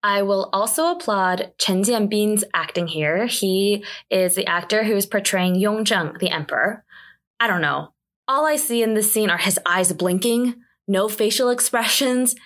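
A woman's voice: mid-range voice, normal speed, fairly bright tone. A woman casually recapping a period drama, chatty with wry, sarcastic asides.

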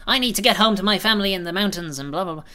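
A man's voice: sits high, rapid-fire, voice pushed up. A man playing an indignant rock gnome. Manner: indignant shouting. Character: angry male rock gnome.

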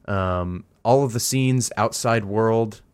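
Young male podcast co-host, low voice, dry close sound, rambly and enthusiastic. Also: slow pace, clear, resonant tone, no echo. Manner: enthusiastic, rambling, laughs often. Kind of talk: casual chat.

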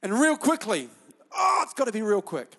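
High-voiced pastor in a reverberant hall. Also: male voice, huge pitch swings, moderate pace, bright, forceful tone, slightly rough. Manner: impassioned, confessional, rallying the congregation. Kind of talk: sermon. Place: church auditorium.

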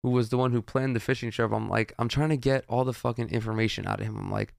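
A man's voice: mid-range voice, fairly even intonation, fast, vocal fry, no echo, clean studio sound. A young man hosting a podcast, telling a rambling, profane story in a casual monologue. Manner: rambling, profane, with frequent restarts. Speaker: podcast host.

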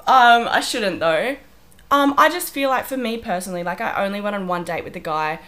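Sounding wheezy from illness, a young woman co-hosting a podcast tells stories and chats casually, giggling along the way. Her mid-range voice is expressive and brisk, with a fairly bright tone.

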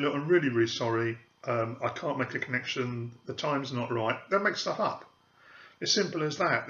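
On his podcast, a male psychic medium delivers a monologue with emphasis, openly scornful of frauds. His medium-pitched voice comes across bright and forceful. The audio is dull and slightly muffled, recorded in an echoey room.

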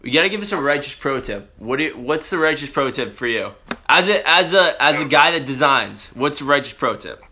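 A man's voice: a little high, expressive, fairly quick, pushed and bright, a little hiss or hum. A man hosting a casual chat, laid-back and slangy, laughing often. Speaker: host.

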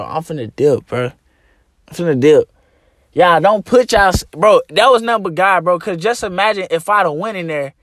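A man's voice: high voice, dry recording, clean studio sound. A young man hosting a podcast, telling a story in a casual, slangy monologue and acting out phone conversations. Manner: slangy, animated, acts out phone dialogue. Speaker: podcast host.

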